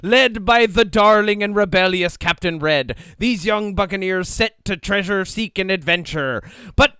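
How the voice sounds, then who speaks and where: A man's voice: sits high, measured pace, sharp tone, clean tone, no room sound, pitched above the performer's own voice. A man voicing a hammy pirate storyteller, reading a spooky tale in an exaggerated theatrical pirate manner. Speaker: podcast co-host.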